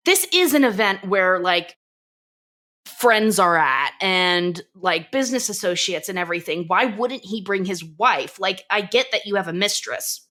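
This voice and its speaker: A woman co-hosting a podcast, recapping a cartoon episode in casual chat, animated and profane, laughing often and acting out quotes. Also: mid-range voice, a little slow. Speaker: podcast co-host.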